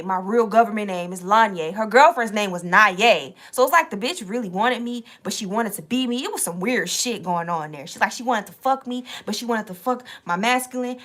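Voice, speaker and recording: A young woman telling a casual, profane story to her viewers, animated and streetwise. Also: mid-range voice. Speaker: tarot reader and channel host.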